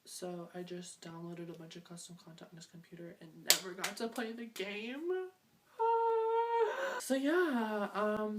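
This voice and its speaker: A young woman chats to her viewers in a loose, rambling, self-mocking way, joking as she goes. Her voice sits a little low for a woman. She is picked up from some distance off the mic, with a faint hiss underneath. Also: fairly bright tone. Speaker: beauty and fashion vlogger. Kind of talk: casual chat to camera.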